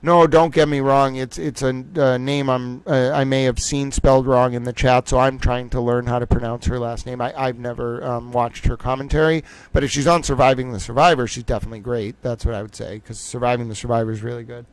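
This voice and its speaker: A man's voice: medium pitch, level tone, fairly quick, hardly any pauses, clean tone, dry recording. A man hosting a livestream, chatting casually, joking and reading the chat aloud. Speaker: livestream host.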